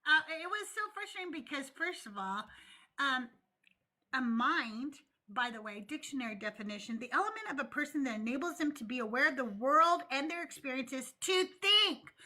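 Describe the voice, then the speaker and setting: A woman's voice: high-pitched, animated, normal speed, pushed and bright. A woman hosting a live call-in stream, talking bluntly and casually while chewing gum. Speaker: livestream host.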